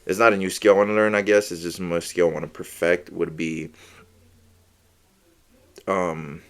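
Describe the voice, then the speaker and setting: Deep-voiced laid-back young man. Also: flat delivery, normal speed, clear, resonant tone. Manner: laid-back slangy talk, lots of "like" and "bro". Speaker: podcast co-host. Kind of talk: casual chat.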